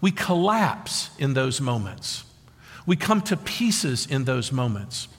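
High, animated male preacher in reverb. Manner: dramatic preaching with rhetorical questions. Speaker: pastor. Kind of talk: sermon. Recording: long reverb of a large hall.

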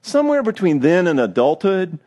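Middle-aged male speaker, marriage seminar, pitch jumps all over, a bit higher than most men, jokey and self-mocking. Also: moderate pace, muffled recording. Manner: animated, joking, self-deprecating storyteller. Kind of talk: church marriage seminar talk.

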